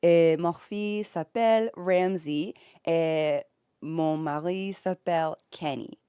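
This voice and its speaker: A woman's voice: low voice, takes it slowly, warm tone, smooth, dry recording, studio quality. A young American woman streaming from bed, chatting casually with viewers, reading chat aloud and laughing often. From United States. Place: home, in bed.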